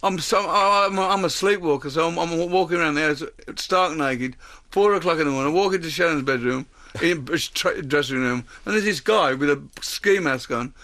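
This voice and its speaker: A man's voice: on the high side, a little fast, sharp tone, no room sound. Stammering middle-aged Birmingham man. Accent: Birmingham English. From England. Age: 50s. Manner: rambling, stammering with repeated starts and frequent laughs. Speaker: guest. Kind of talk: casual chat.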